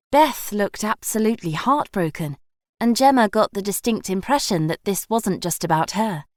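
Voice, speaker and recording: A woman narrates a romance audiobook from a script in clean studio sound with no room sound. Her mid-range voice is animated and slightly dark, at a normal speed.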